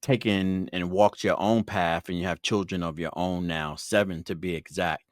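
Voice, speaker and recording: A man in his fifties with a very deep voice, hosting an interview podcast. He tells personal stories in a relaxed, reflective way, recorded close and dry with no room sound. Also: normal speed, no echo. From Brooklyn, New York. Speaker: podcast host. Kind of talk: conversational interview.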